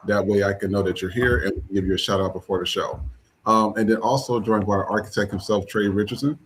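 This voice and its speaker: A man's voice: on the low side, fairly even intonation, a little fast, a little hiss or hum, rough recording. A man hosting a live podcast, chatting casually with many fillers and restarts. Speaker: podcast host. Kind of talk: casual live-stream chat.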